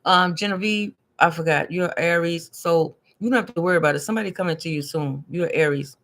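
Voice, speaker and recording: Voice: medium pitch, brisk, fairly bright tone. A chatty tarot and numerology reader talks loosely to viewers during a live-stream reading. They repeat themselves, restart phrases and trip over long words. When a word beats them, they laugh it off at their own expense.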